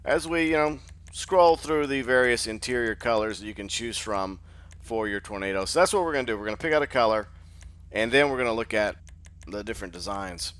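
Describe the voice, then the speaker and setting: Man, sleepy, casual gameplay commentary, rambling with fillers, lowish smooth voice. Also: lively intonation, fairly quick, fairly bright tone. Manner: rambling, filler-heavy, thinks aloud. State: sleepy, just woke up. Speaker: gaming channel host.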